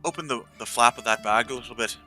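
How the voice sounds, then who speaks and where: A man's voice: mid-range voice, fast talker, sharp tone, faint music behind. A man playing a tabletop role-playing game, chatting casually and joking with the group. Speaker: player.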